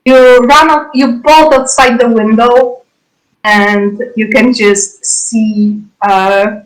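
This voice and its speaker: A woman narrating a role-play scene as game master, casual and halting. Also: a little high, steady tone, poor audio.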